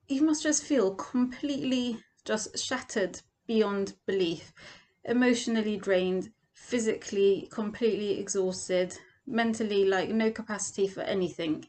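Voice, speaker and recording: A woman teaching a Torah lesson as a vivid second-person story, acting out the quoted lines. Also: medium pitch.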